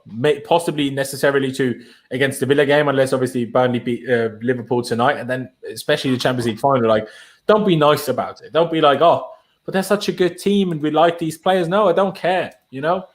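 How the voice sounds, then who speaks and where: A man hosting a casual football talk show, chatty and rambling, often restarting his sentences. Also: mid-range voice. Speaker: podcast host.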